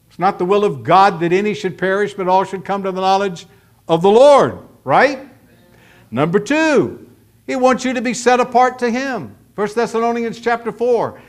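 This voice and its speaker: A middle-aged man preaching a sermon as pastor, folksy and emphatic, acting out quotes from people he talks about. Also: sits high.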